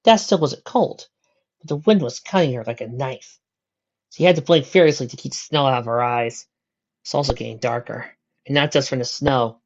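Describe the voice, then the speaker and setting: A woman narrating a fan fiction story aloud, with steady descriptive reading and occasional slips. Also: a bass voice, normal speed, muffled recording, slight background noise.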